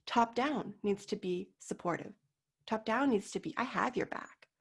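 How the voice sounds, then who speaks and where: A woman guest, a mental performance coach, talking emphatically in a casual interview and acting out what people say, swinging from loud to soft. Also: mid-range voice, moderate pace, breathy edge.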